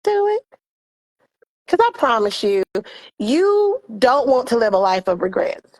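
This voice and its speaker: A woman co-hosting a casual talk show, telling stories and giving heartfelt advice in an expressive, animated way. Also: fairly high pitch, unhurried. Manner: expressive, animated storytelling with quoted dialogue. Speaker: co-host.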